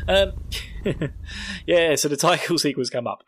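A man's voice: fairly high pitch, animated, brisk, fairly bright tone. A young British man hosting a podcast, recapping an episode in a jokey, sarcastic, rambling way. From Britain. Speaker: podcast host.

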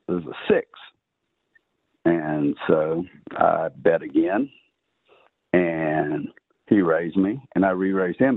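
Here a podcast guest with a Texan accent and a voice that sits low tells a long poker story casually, wandering along with plenty of uhs and ums. No echo is present, and the recording has a dry, tinny phone-line quality.

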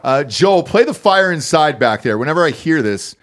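A male podcast host with a lively voice that swings up and down, loud and foul-mouthed, often bursting into hype shouts. The studio sound is dry and close. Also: fairly high pitch, normal speed, dry recording. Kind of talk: casual banter. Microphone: studio mic.

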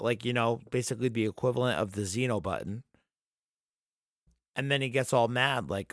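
A man's voice: mid-range voice, normal speed, no room sound, studio quality. A man co-hosting a casual podcast, ranting and swearing freely as he vents about a story. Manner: profane, ranting, animated. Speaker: podcast co-host.

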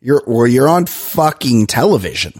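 A man jokes through a casual podcast chat, firing off sarcastic quips and playful mock outrage. His husky voice rises and falls widely. It sounds dry and close. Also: mid-range voice, sing-song, moderate pace, a little mellow, no echo. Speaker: podcast co-host.

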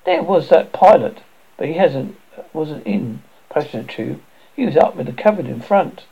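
A man voicing a plump, asthmatic schoolboy who is anxious and eager to please, with a raised boyish pitch and plain working-class speech, in a storybook reading. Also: expressive, normal speed, vocal fry, husky, full character voice. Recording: dull lo-fi recording.

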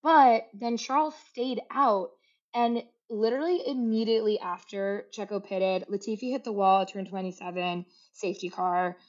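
A young woman co-hosting a casual sports podcast, chatty and quick to laugh. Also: medium pitch, a little mellow. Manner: chatty, laughs often, fillers. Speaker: podcast co-host. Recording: slightly dull lo-fi audio.

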